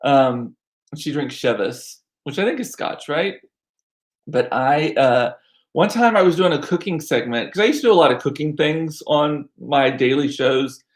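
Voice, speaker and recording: A man's voice: medium pitch, normal speed. A man in his forties telling stories in a chatty, irreverent way, laughing often. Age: 40s. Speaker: vlogger. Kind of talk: casual storytelling.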